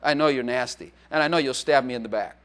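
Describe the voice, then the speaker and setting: A man's voice: medium pitch, fast talker, a bit bright. A man preaching as a pastor in a church, in a joking, conversational way with playful acted quotes. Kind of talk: sermon.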